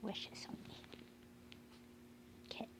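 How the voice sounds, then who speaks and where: A woman filming her cats at home, talking to them in soft whispers and baby talk, with frequent laughs. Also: drawn-out words. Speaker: cat owner filming her pets. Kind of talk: casual baby talk to pets. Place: home, indoors.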